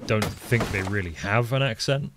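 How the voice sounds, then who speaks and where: A man's voice: on the low side, moderate pace. A man with an English Midlands accent chatting casually on a live game stream, rambling, answering chat and swearing offhandedly. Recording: noisy stream audio with mouse clicks.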